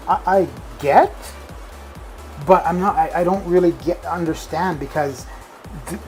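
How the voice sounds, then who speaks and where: Game streamer, mid-pitch voice, loose rambling chat, keeps restarting sentences, faint music underneath. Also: a little mellow, low-quality recording. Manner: rambling, with frequent restarts and fillers. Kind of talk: casual live-stream chat. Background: faint background music.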